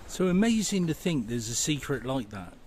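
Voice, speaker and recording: Male outdoor history vlogger, mid pitch, slow, enthusiastic, faint outdoor ambience. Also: very animated, darkish tone, slight background noise. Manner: enthusiastic, marvelling. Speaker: walking vlogger. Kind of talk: walking history vlog narration. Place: outdoors by a river and woodland path.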